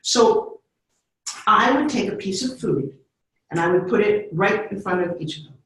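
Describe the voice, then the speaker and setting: A middle-aged woman telling stories in an animated way, often acting out voices. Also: medium pitch, moderate pace. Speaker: speaker. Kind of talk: storytelling talk. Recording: echoey room, far from mic.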